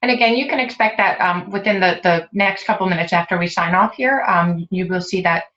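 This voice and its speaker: A woman co-hosting a webinar, giving practical reminders in a steady way, with fillers, over a video call. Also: fairly low pitch, brisk, highs cut off. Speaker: webinar co-host. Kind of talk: casual webinar announcements.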